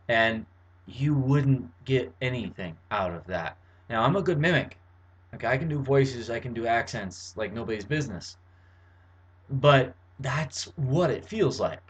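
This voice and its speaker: Sitting in his bedroom at home, a young vlogger explains something to camera in a rambling, casual monologue with lots of fillers and restarts. His mid-range voice is husky and unhurried with lively intonation, and the highs in the audio are cut off.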